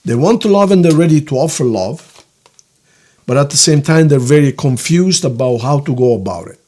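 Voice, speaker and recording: A man giving a casual tarot reading, rambling and halting, now and then voicing quoted feelings in a hushed, soft tone. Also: on the high side, animated. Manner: rambling, halting, searches for words. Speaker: tarot reader.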